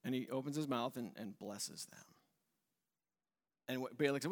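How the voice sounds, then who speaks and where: A pastor giving a conversational sermon, retelling a story and acting out its voices with a light laugh. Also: male voice, mid-range voice, normal speed, long reverb tail.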